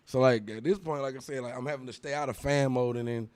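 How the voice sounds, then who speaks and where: A young man, a guest musician, telling an animated story in a casual interview, full of profane street slang. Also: medium pitch, quick pace, clear, resonant tone, dry recording.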